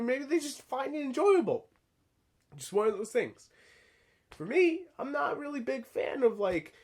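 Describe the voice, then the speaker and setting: A channel host speaks straight to his viewers in a loose, rambling opinion piece. His high voice swings widely, and he swears casually and stumbles into restarts along the way.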